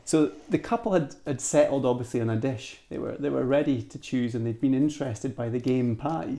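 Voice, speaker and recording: Scottish man, podcast guest, gravelly, mellow tone, rambling animated storytelling. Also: medium pitch, brisk. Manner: animated storyteller, restarts and laughs. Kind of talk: anecdotal storytelling.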